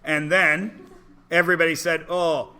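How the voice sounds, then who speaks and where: A man's voice: fairly high pitch, little pitch movement, a little slow, sharp tone, smooth. A man teaching a math class, joking and punning, quizzing students with call-and-response. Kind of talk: classroom lecture.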